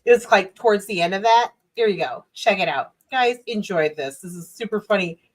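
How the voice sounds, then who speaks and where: A woman's voice: medium pitch, lively intonation, a little fast. A woman with a Minnesota accent hosting a casual late-night livestream chat from home, joking, laughing and swearing freely. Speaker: livestream host.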